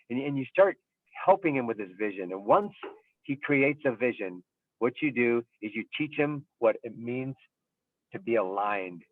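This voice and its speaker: A baseball coach and scout in a casual panel discussion, explaining thoughtfully with everyday examples and frequent ums. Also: male voice, mid-range voice, no room sound. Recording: tinny phone-like line, dry.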